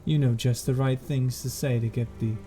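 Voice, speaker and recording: A man's voice: medium pitch, fairly even intonation, normal speed, dark tone, faint music behind, close to an everyday voice. A man voicing a vain, seductive woman with a sultry, self-admiring purr in a tabletop game.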